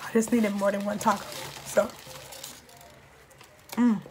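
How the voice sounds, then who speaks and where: A woman with a hoarse, worn-out voice, chatting casually to camera while she eats, with mouth sounds and coughs between words. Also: medium pitch, level tone, a little slow, a little mellow, a little hiss or hum, poor audio. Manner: chatty, talks while eating, with smacking and coughs. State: hoarse, voice nearly gone. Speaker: YouTuber. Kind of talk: casual eating-show chat.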